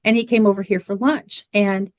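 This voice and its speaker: A woman's voice: medium pitch, steady tone, normal speed, darkish tone, no echo. Middle-aged lady guest, chatty storyteller, acts out her family's lines, dry close sound. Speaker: guest, water machine business owner. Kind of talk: storytelling interview talk.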